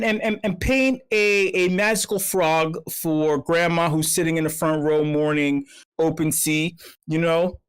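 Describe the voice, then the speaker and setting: Hosting a casual online meetup stream, a man with a smooth, high voice rambles through foul-mouthed comic rants. He keeps restarting sentences and repeating words.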